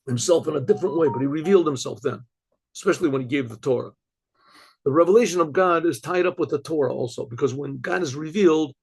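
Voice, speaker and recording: An older man, a rabbi, giving an informal Torah lecture. He wanders off on tangents, repeats phrases for emphasis, keeps saying "okay, so" and often clears his throat. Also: a little high. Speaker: rabbi teaching a class.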